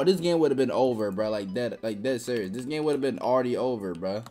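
Casting: young woman gamer host, very low voice, wildly swinging delivery, excitable trash talk over faint music. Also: moderate pace. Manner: excitable trash talk, sudden yelps and shouts. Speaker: gaming channel host. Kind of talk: live gameplay commentary.

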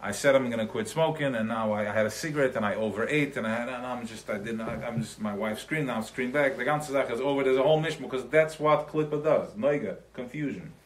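A man's voice: mid-range voice, fast talker, hardly any pauses. A man teaching a live class in a loose, conversational way, mixing in Yiddish terms, checking in with his listeners and acting out everyday examples. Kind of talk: live recorded Chassidic class.

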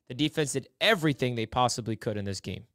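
Excitable man breaking down game film. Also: quick pace, no echo, studio quality. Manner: excitable, swings from low muttering to shouting. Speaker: sports film breakdown host. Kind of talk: casual football commentary.

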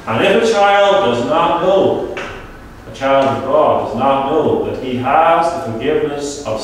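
Male pastor, emphatic sermon delivery, long hall reverb, faint room noise. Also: fairly high pitch. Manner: emphatic preaching, repeating key words for stress. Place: church. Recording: echoey church hall from far off.

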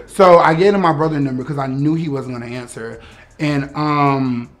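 A young man with a notably high voice tells a comic story from his own life in a loose, animated way. He swears freely and keeps laughing through his own telling. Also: normal speed. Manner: animated, profane, laughing as he talks. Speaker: guest storyteller.

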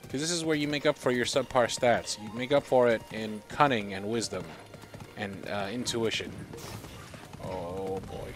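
Animated man streaming a game. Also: medium pitch. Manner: animated, talks to his game horse, loud sudden outbursts. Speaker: gaming streamer. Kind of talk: live let's-play commentary.

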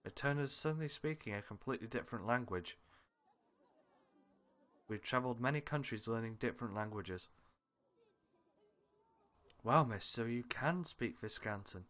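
At a moderate pace and with frequent pauses, a man with a mid-range, fairly bright voice reads all the characters' lines of a visual novel aloud. He gives them light character voices, switching between them with small laughs and asides.

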